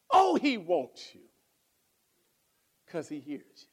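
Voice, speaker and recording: A man preaching a sermon, swinging from loud exclaiming to hushed near-whispers. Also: sits high, wildly swooping pitch, slow, pauses often, breathy edge.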